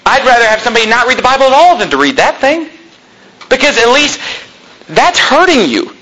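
A man's voice: very high voice, animated, brisk, bright, forceful tone, slight background noise, low-quality recording. A man preaching a fiery sermon in a church, combative and sarcastic, quizzing the congregation. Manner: combative, sarcastic, asks the congregation for shows of hands.

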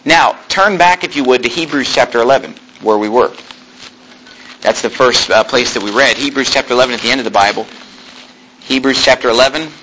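A man preaches a sermon, reading scripture aloud and explaining it conversationally while often checking in with the congregation with "okay?". His medium-pitched voice is sharp in tone and a little fast. The recording is rough, with slight background noise.

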